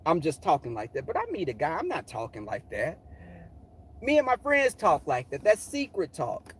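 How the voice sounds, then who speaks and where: A middle-aged man tells a story casually and animatedly, sassy and profane, jumping into high voices whenever he quotes someone. His voice is husky, at a normal speed.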